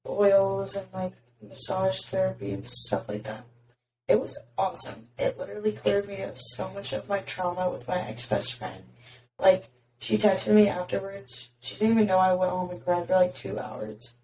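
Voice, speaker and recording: A young woman with a raspy voice, chatting casually as a podcast host and filling her talk with "like". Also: mid-range voice, normal speed, dark tone, slight background noise. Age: young adult. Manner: chatty, heavy filler "like". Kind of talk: casual chat. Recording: roomy, distant mic.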